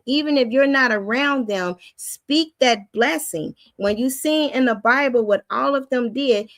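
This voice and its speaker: A woman with a high, youthful-sounding voice giving an informal spoken teaching on faith, preacherly and often acting out the voices she quotes. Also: no room sound.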